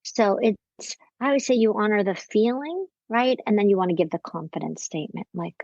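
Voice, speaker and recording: Lively woman psychiatrist telling stories. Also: mid-range voice, a little fast, vocal fry, few pauses, no room sound. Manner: warm-hearted storytelling, lively, quotes people in acted voices. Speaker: psychiatrist and parenting expert, guest. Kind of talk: podcast interview conversation. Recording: dry, slightly dull recording.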